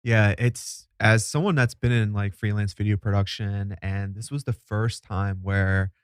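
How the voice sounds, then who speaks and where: A man's voice: on the low side, steady tone, measured pace, clean tone, no echo, studio quality. A man co-hosting a podcast, talking in a laid-back way with lots of "like". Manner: laid-back, many fillers. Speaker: podcast co-host. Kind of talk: casual chat.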